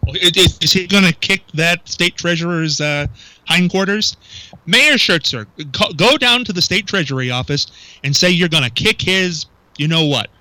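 A man's voice: high voice, normal speed, sharp tone, no room sound, rough recording. A male radio talk show host, chatting with his co-host, incredulous and full of rhetorical questions. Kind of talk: local talk radio banter. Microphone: studio microphone.

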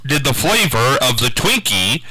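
A man's voice: mid-range voice, very animated, moderate pace, pushed and bright, low-quality recording. A man hosting a morning radio show, running a trivia question and taking callers in an upbeat way. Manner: upbeat, quiz-style, takes callers. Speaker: radio host.

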